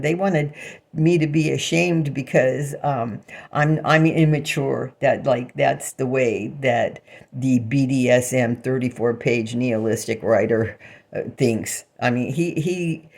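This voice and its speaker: A woman's voice: lowish voice, creaky, darkish tone. A woman vlogging alone in a rambling personal monologue, bitter and sarcastic, breaking into short laughs between remarks.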